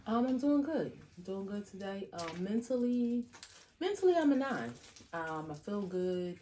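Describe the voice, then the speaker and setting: A woman's voice: mid-range voice, big pitch swings, unhurried, background noise. A woman co-hosting a podcast in casual chat, talking in a reflective, easygoing way. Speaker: podcast co-hostess.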